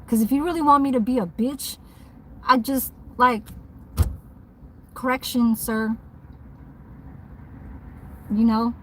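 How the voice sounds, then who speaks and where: A woman's voice: a little high, moderate pace, fairly bright tone, slight background noise, low-quality recording. A woman who works as a mobile nail tech, ranting bluntly and profanely in a casual vlog from her parked car.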